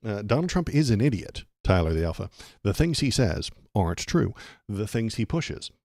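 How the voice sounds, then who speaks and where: Gravelly-voiced man hosting a political stream. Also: on the low side, big pitch swings, moderate pace, darkish tone, no room sound, clean studio sound. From Texas. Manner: rambling, sarcastic, restarts often. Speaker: political livestream host. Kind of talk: casual livestream commentary.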